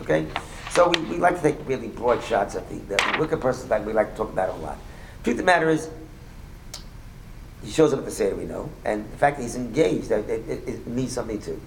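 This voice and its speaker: Fast, animated rabbi in an echoey room. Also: male voice, medium pitch, creaky, background noise. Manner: animated, rapid, joking, with many restarts. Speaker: rabbi teaching a class. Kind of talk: lively Torah class. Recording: echoey room with faint ambience.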